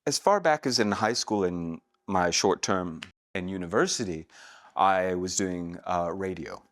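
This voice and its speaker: A middle-aged man from Atlanta, Georgia, working as a voice actor, telling stories in a relaxed way in a casual interview and laughing easily. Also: deep voice, a little slow. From Atlanta, Georgia, USA. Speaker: guest, voice actor.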